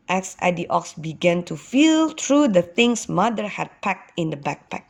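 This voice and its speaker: A woman teacher reading a storybook aloud to young children with a slow, sing-song delivery. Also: lowish voice, expressive, creaky.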